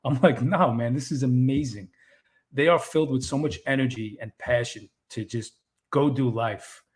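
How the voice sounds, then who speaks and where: A man's voice: medium pitch, moderate pace. Earnest man talking about fatherhood. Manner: earnest and encouraging, with frequent restarts. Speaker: podcast co-host. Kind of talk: casual chat.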